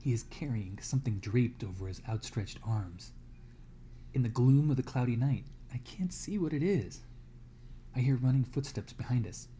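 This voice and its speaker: A man's voice: mid-range voice, expressive, normal speed, mellow, a little hiss or hum. A man reading a novel aloud to a class as a guest reader, dramatic and dropping to a whisper in tense moments.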